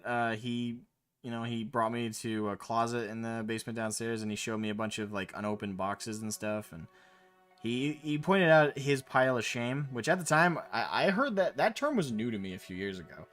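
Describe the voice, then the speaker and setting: A man streaming while painting miniatures, telling a long casual story in a rambling, animated way with the odd swear word. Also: medium pitch. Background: faint Gregorian chant music.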